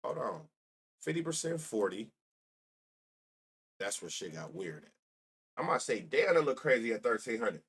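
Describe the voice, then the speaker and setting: A man's voice: mid-range voice, sing-song, moderate pace, pauses often, fairly bright tone, slightly rough. Profane, rambling young man streaming. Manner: rambling, profane, laughs often, talks to chat. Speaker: sports betting streamer. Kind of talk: live-stream casual chat.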